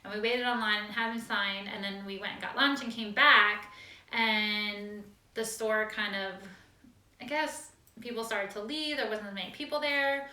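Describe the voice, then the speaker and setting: A woman's voice: medium pitch, fairly even intonation, normal speed, bright, forceful tone. A woman co-hosting a casual knitting chat show, talking in a friendly, easygoing way with fillers. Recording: echoey room, distant mic.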